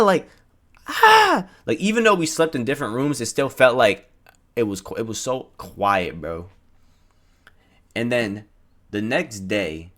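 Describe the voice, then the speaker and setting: A young man casually retelling a personal story in a storytime vlog, animated and profane, full of slang and acted-out quotes. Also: on the low side.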